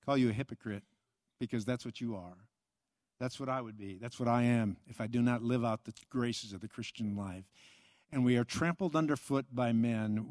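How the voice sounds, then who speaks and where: A man's voice: medium pitch, no echo, studio quality. A man preaching a sermon, emphatic and repetitive, with rhetorical questions. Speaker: pastor.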